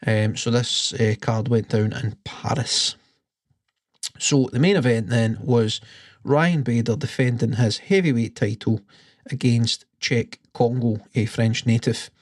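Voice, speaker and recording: A man's voice: medium pitch, unhurried, no room sound, studio quality. A Scottish man co-hosting a combat sports podcast, chatting casually and rambling through his points. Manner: rambling, restarts with "um" and "aye". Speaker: podcast co-host. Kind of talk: casual chat.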